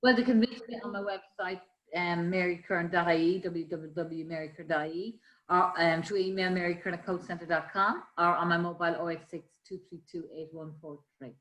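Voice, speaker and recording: Low-voiced woman coaching. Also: brisk, hardly any pauses. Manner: calm, explanatory, gives examples. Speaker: life coach. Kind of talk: conversational coaching talk. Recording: roomy echo.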